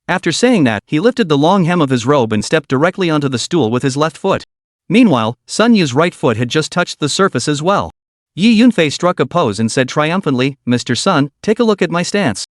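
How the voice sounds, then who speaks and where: A man's voice: a little high, big pitch swings, fairly quick, no room sound, clean studio sound. A man narrating a comic story recap in a scripted storytelling style, voicing every character himself.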